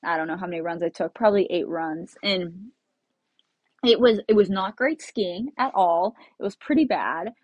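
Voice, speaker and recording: A young travel vlogger with a voice on the low side tells a travel story at normal speed, chatty and laughing often as she acts out what she said. The recording is dry.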